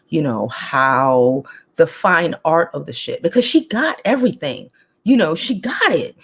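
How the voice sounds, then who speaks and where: A woman's voice: low voice, husky. Blunt chatty woman on a livestream. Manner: chatty, blunt, laughs often, swears freely. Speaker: host. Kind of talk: casual livestream chat.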